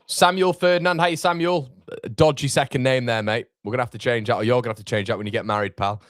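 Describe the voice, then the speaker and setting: A man's voice: medium pitch, steady tone, quick pace, no echo, clean studio sound. A man hosting a live football watchalong, chatting casually and reading viewer comments aloud.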